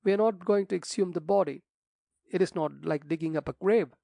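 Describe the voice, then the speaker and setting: Man playing an impatient young squire, sharp, brisk, dark and gravelly. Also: high voice, no echo. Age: young adult.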